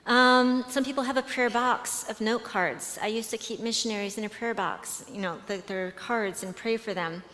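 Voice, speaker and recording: Her slightly high voice is bright and forceful, moving at a normal speed with hardly any pauses, carried by a long hall reverb. Speaking at a conference, this woman tells stories in a chatty, conversational style, with plenty of fillers and restarts.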